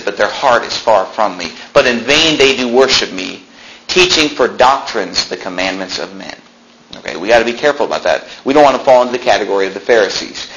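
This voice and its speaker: A man's voice: medium pitch, slight background noise, poor audio. Man preaching a conversational sermon. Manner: conversational preaching, animated outbursts and mocking quotes. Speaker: pastor. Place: church sanctuary.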